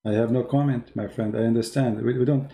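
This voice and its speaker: A man's voice: mid-range voice, steady tone, fast, gravelly, dark tone. A man hosting a live call-in debate show, talking insistently and repeating his points for emphasis.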